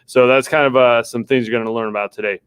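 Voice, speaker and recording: A man's voice: medium pitch, fairly even intonation, fast, smooth, dry recording. A man, a teacher co-hosting a class vodcast, explaining history casually and checking in with tag questions.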